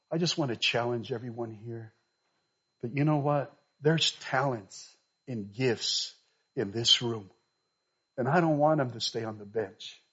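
Man preaching with loud emphatic bursts. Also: medium pitch, husky. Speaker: pastor. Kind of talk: sermon. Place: church sanctuary. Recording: slightly dull, lo-fi recording.

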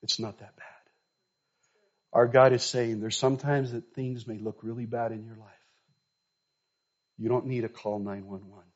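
Man preaching with loud emphatic bursts. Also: mid-range voice, flat delivery, moderate pace, long pauses. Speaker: pastor. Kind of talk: sermon. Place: church sanctuary. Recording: slightly dull, lo-fi recording.

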